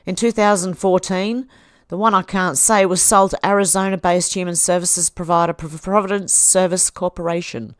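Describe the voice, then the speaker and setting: A woman's voice: on the low side, steady tone, normal speed, no room sound, clean studio sound. A woman hosting a livestream, reading posts aloud and reacting in a chatty way. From Australia. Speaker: livestream host.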